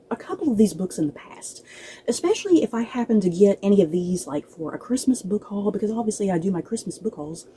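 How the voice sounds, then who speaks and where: A chatty woman vlogger talks straight to the camera while out of breath, often stumbling over her words and laughing. Her voice is very dark and mellow. A faint hiss of noise sits under it. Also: lowish voice, rough recording. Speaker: book vlogger. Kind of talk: casual chat to camera.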